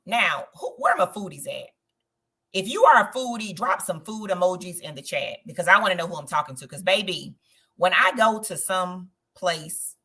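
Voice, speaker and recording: A woman hosting a live travel stream, chatting in an animated way and talking straight to her viewers. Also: fairly low pitch. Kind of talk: casual livestream chat.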